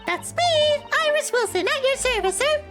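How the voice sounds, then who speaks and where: A man voicing a cheerful, excitable young girl with a gushing, sing-song delivery in a game playthrough. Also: extremely high pitch, normal speed, soft background music, voice pushed up. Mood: sweet.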